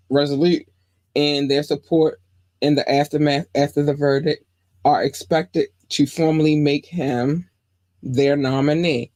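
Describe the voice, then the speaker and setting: A woman's voice: low voice, a little mellow, no room sound. Woman host reading news casually, full of asides and questions; dry, close recording. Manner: chatty, reads news aloud with frequent asides and questions. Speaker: podcast host.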